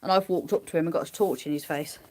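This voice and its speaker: Her voice is deep and darkish, and she talks at a quick pace over a little hiss or hum. The woman, a smallholder, is livestreaming her animals from a farm via a tripod-mounted phone, casually chatting with viewers and rambling with restarts.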